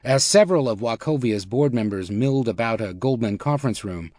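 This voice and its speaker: A male audiobook narrator reading nonfiction in a measured, even voice. His pitch is ordinary for a man, and the recording is close and dry, with no room sound. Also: no room sound.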